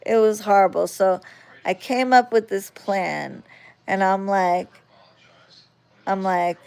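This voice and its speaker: A woman casually telling a story on a phone vlog, swearing freely and getting animated as she retells it. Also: medium pitch, slow pace, gravelly, pauses often, smooth. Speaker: vlogger.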